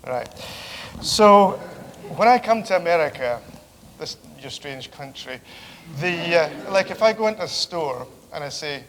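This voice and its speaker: A middle-aged man giving a relaxed, joking lecture as a theology professor, often pausing on fillers. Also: a little high. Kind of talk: conversational lecture. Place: large lecture hall. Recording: reverberant hall with faint background noise.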